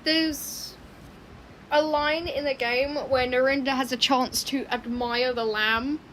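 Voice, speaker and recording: Brief: young woman artist, casual unhurried rambling, high-ish voice, mutters to herself. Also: steady tone, slight background noise, poor audio. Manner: rambling, chatty, often muttering quietly to herself. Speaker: artist streaming her drawing. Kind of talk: casual rambling chat while drawing.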